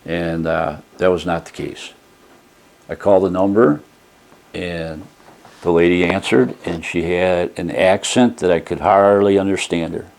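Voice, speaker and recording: Low-voiced man rambling through a review. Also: fairly even intonation, measured pace, a little mellow. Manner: rambling folksy storytelling, retelling a phone call. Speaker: product reviewer. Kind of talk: casual spoken product review.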